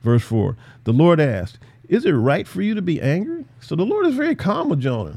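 A man teaching through a Bible passage in a casual, animated way, acting out the characters' lines. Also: fairly high pitch, moderate pace, vocal fry, hardly any pauses. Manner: animated, voices biblical characters, laughs often.

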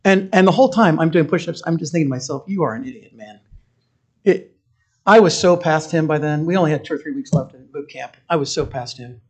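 Husky man telling a personal story. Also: a little high, fast. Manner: conversational, with restarts and quoted voices. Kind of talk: storytelling talk.

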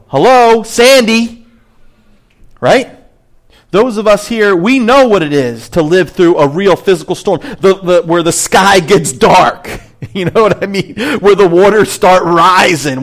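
A man preaching a sermon as pastor, animated, rising high to stress a point and dropping low on asides.

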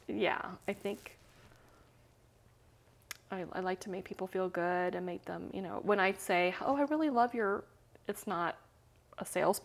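A woman's voice: mid-range voice, gravelly. A woman guest talking candidly in a conversation, chatty and prone to restarts and easy laughter.

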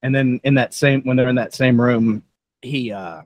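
A man's voice: mid-range voice, moderate pace, dry recording. A man co-hosting a podcast, chatting casually about a movie and often laughing as he retells scenes. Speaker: podcast co-host.

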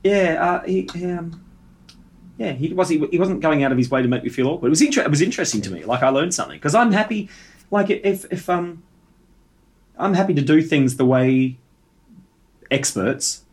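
A man co-hosting a casual podcast chat, telling a rambling anecdote with halting restarts. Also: a little high, expressive. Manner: rambling storyteller, halting restarts, bursts of laughter. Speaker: podcast co-host.

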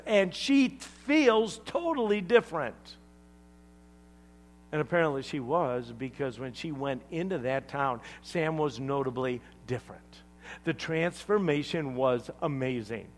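A man preaching a sermon to a congregation, swinging between loud emphatic lines and hushed asides, joking with the room. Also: fairly high pitch. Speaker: pastor.

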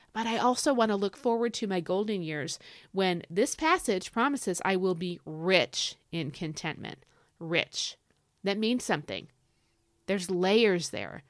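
A woman's voice: medium pitch, expressive, normal speed, no echo, clean studio sound. A young woman teaching scripture on her podcast, enthusiastic and getting fired up like a preacher. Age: young adult. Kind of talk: devotional teaching.

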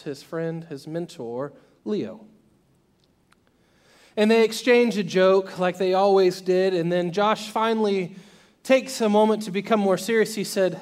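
A man preaching a sermon, telling a story and acting out its voices, swinging between loud and soft. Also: high voice. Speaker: pastor.

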